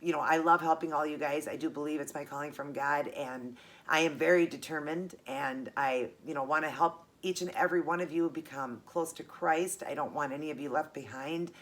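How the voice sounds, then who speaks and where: A woman's voice: deep voice, steady tone, brisk. A middle-aged woman vlogger chatting casually and earnestly as she unboxes gifts, gushing and emotional.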